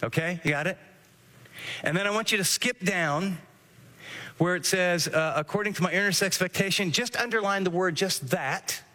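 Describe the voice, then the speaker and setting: A man's voice: sits high, moderate pace, pushed and bright, big-room sound. A man preaching a sermon, earnestly teaching and walking listeners through scripture verse by verse. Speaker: pastor.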